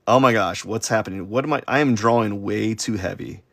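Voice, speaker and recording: An adult man streams himself drawing, rambling, stuttering and running himself down as he chats casually. His voice is fairly low and brisk, with studio-quality sound and no echo.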